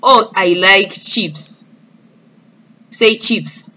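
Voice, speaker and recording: A woman's voice: medium pitch, animated, takes it slowly, long pauses, fairly bright tone, slightly rough. A woman teaching a lesson to young children, speaking patiently and repeating words for them to echo back. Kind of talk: early-years classroom lesson.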